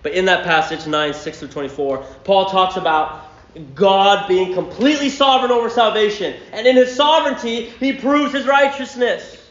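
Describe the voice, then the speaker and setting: A man's voice: sits high, normal speed, dull audio. Emphatic male preacher in an echoey hall. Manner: emphatic, swinging from hushed to shouting. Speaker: pastor. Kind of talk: sermon.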